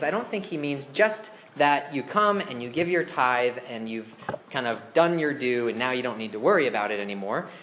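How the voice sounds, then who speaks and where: A man's voice: mid-range voice, a bit bright, a little hiss or hum. A man preaching a sermon as pastor, conversational and asking the congregation questions. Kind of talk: interactive sermon. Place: church.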